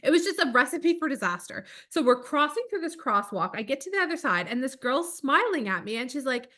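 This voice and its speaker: A woman in her thirties with a high voice and a bright tone, co-hosting a relaxed podcast. She tells animated, chatty stories full of fillers. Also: a little fast. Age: 30s. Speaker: podcast co-host. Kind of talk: casual chat.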